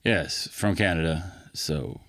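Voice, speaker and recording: A middle-aged man with an American accent, chatting easily as a podcast guest in a recording studio, unhurried with plenty of fillers. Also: low voice, no room sound. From England. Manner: easygoing, relaxed, halting with fillers. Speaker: podcast guest, costumed street performer. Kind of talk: casual interview chat.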